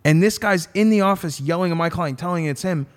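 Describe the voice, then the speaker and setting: A man's voice: on the high side, brisk. A man who is a defense attorney, telling a story in a casual podcast chat with emphatic, profane language.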